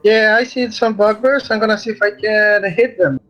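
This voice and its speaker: Player thinking out loud, mid-high voice, muffled lo-fi sound, music under. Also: fairly even intonation, normal speed. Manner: hesitant, thinking aloud. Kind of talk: casual tabletop play.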